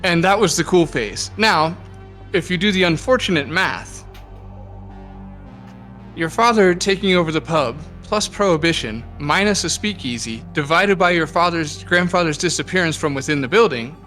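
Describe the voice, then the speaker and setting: A man voicing a friendly male bar helper in a put-on Scottish accent, with a wry, deadpan delivery. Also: a little high, moderate pace, faint music behind.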